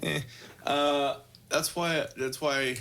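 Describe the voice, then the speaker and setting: A young man co-hosting a podcast in casual chat, swearing freely and laughing loudly. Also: fairly high pitch, takes it slowly, a little hiss or hum. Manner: animated, swearing, bursts of loud laughter. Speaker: podcast co-host.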